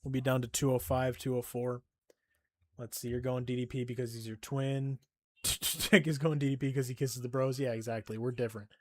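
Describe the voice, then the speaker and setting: A man's voice: medium pitch, fairly even intonation, brisk, darkish tone, no echo, studio quality. A young man live-streaming a game and chatting casually, swearing constantly, joking and laughing often, and sounding tired. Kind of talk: casual stream chat while gaming.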